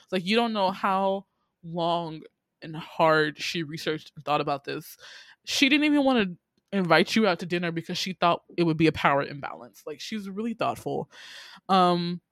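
A young adult podcast co-host recapping a drama in casual chat, animated and incredulous, swearing freely with quick asides. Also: medium pitch, no echo, studio quality.

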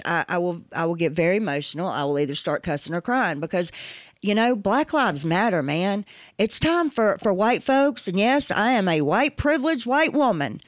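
A woman's voice: lowish voice, no echo, clean studio sound. Frank, emphatic woman in her forties. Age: 40s. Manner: candid and emphatic, with casual swearing. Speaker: podcast host. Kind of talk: personal podcast monologue.

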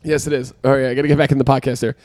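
A man co-hosting a casual podcast, playful and animated, laughing often. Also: mid-range voice, very fast, dry recording, clean studio sound. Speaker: podcast co-host. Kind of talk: casual chat.

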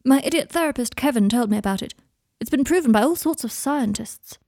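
Woman doing nervous posh young wizard guy, fretful, soft mellow voice. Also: a little high, expressive, brisk, dry recording, studio quality, pitched above the performer's own voice. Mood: earnest. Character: anxious, prim young wizard man.

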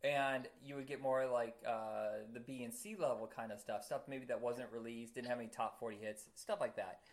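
A man chatting casually as a podcast co-host, rambling with many fillers and quick to laugh. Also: mid-range voice, fairly even intonation. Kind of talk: casual chat.

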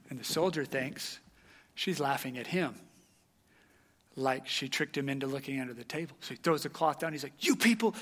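A man preaching a sermon, telling a story with animated energy and dropping to a hush at the tense moments. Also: mid-range voice.

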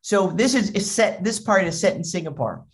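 An animated speaker delivers a humorous talk on parenting. Short acted-out anecdotes and lively storytelling carry the talk. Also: mid-range voice, moderate pace.

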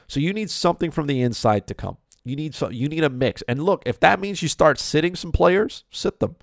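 A man's voice: mid-range voice, creaky, no room sound, studio quality. A man giving an opinionated hockey talk monologue, emphatic and repetitive, firing off rhetorical questions. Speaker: hockey commentator.

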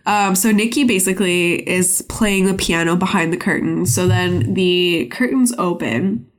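A woman's voice: fairly low pitch, a little slow. A young woman hosting a casual podcast, recapping a cartoon episode in a chatty, filler-heavy way with some swearing. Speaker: podcast host.

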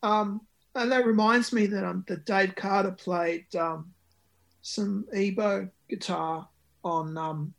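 Gravelly man, hesitant musician. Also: high voice, steady tone, slow pace. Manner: hesitant, many ums and restarts. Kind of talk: conversational interview.

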